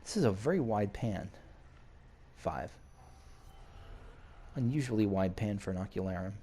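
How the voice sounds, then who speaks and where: A man playing a video game and casually thinking out loud, now and then reading in-game notes aloud. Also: lowish voice, expressive, unhurried, slight background noise. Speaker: game streamer. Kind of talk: casual let's-play commentary.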